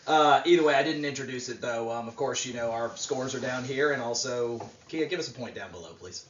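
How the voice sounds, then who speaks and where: A man's voice: mid-range voice, a little fast, slight background noise. A man co-hosting a wrestling podcast, talking casually in a rambling way with lots of fillers. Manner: rambling, filler-heavy, relaxed. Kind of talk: casual chat, predictions. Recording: roomy, distant, dull mic.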